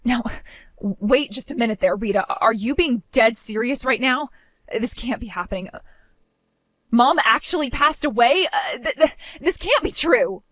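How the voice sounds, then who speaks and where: A woman's voice: on the high side, lively intonation, normal speed, fairly bright tone, no room sound. A woman voicing a self-centered young bride who whines and pleads in a dramatized story. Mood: disbelieving. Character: self-absorbed young bride, whiny and entitled.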